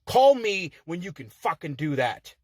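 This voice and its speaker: A man's voice: high voice, sing-song, unhurried, darkish tone, dry recording, studio quality. A man recorded inside a car, cutting a swaggering wrestling trash-talk promo full of heated profanity. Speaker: contestant in an online promo-cutting contest.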